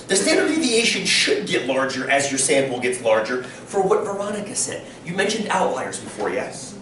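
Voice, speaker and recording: A man's voice: sits high, moderate pace, slight background noise. A man teaching a statistics class, lecturing and quizzing his students. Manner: lively, quizzing students often. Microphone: distant room recording. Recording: echoey classroom from a distance.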